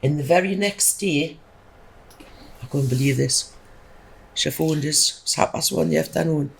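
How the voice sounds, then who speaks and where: A woman's voice: low-pitched, normal speed, gravelly, a little hiss or hum, low-quality recording. A middle-aged woman, chatting emphatically as a podcast guest and telling a rambling personal story. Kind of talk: casual storytelling.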